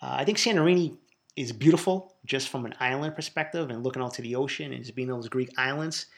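A man from Boston with a strong Boston accent hosts a podcast and answers listener questions. His voice sits at a middling pitch with a gravelly edge. He speaks fast, bluntly and with a lot of feeling, and swears freely. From Boston, USA. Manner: raw, emotional, profane, speaks quickly from the heart. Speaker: podcast host. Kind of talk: casual podcast Q&A monologue.

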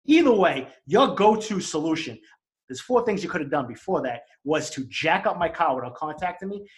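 A man with a Boston accent telling an angry story in casual chat, fast and profane. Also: on the high side, expressive.

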